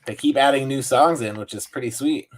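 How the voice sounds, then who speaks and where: A man's voice: mid-range voice, fairly quick. Male podcast co-host, easygoing chatter, mid-range voice. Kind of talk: casual chat.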